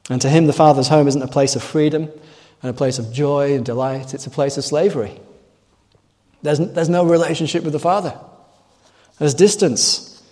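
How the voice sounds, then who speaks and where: A man's voice: a little high, mellow. A man preaching a sermon in an earnest way, often asking rhetorical tag questions, recorded in a large church hall. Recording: long echoing hall reverb.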